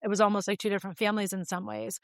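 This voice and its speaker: A woman's voice: medium pitch, level tone, very fast, dry recording, clean studio sound. Reflective woman in her forties. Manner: reflective and open, with frequent fillers. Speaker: podcast guest. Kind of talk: candid conversational storytelling.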